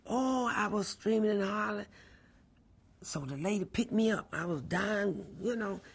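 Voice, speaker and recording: A middle-aged mail carrier tells a personal story. The voice is gravelly and husky, and the delivery is animated, acting out what other people said. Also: mid-range voice, moderate pace. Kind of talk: personal recollection, oral history.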